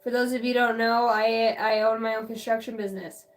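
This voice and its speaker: A woman's voice: a little high, flat delivery, brisk. A middle-aged woman on a vlog who chats in a rambling way, swears freely, laughs often and jumps from story to story. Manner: profane, laughs often, jumps between stories. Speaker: channeler and card reader. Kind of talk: rambling casual vlog chat.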